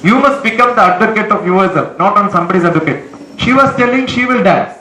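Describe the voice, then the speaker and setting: A very high-voiced man with a bright, sharp tone, lecturing a class. He is stern and commanding, repeating his orders over and over. The sound is echoey, as in a large room. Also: fast talker, slight background noise. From India. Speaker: motivational trainer.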